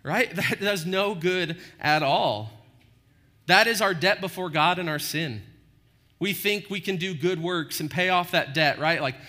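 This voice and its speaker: A man's voice: high voice, a little slow, sharp tone. A man preaching a sermon as pastor, conversational, often checking in with "right?" and acting out short quotes. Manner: conversational, frequent "right?" tag questions.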